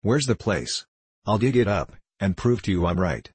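A man with a low, husky voice reading the lines of an earnest, prim young farm girl in an audiobook story. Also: sing-song, normal speed, a little mellow, no echo.

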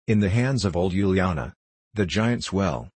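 A man narrating a classic novel in a measured, even storytelling manner. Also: low voice, husky, no room sound. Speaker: audiobook narrator.

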